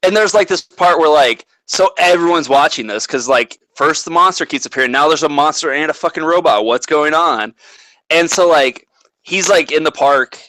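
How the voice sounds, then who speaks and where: A man's voice: a little high, moderate pace, pushed and bright, dry recording, rough recording. A man co-hosting a casual chat, rambling through a plot recap with lots of swearing and filler "like"s. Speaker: podcast co-host.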